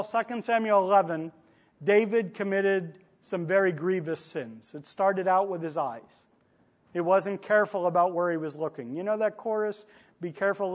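A man with a notably high voice delivers a sermon in an easy, conversational way. He tells stories and slips into the voices of the people in them, speaking to a gathered congregation. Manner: conversational storytelling preacher, acts out quoted lines. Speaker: preacher. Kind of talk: sermon with storytelling.

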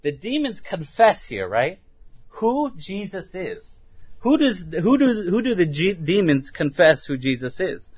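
A man's voice: high voice, sing-song, unhurried, husky, dry recording, highs cut off. A man preaching a sermon, putting rhetorical questions to his listeners and restarting words as he thinks aloud.

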